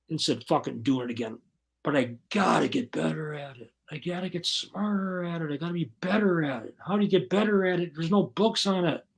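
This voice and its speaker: A man as an interview guest, telling his story bluntly and profanely in casual, animated talk. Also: fairly high pitch.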